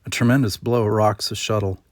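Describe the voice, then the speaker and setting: A man reading screenplay stage directions aloud in a plain, steady manner. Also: on the low side, normal speed, dry recording, clean studio sound. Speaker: script reader.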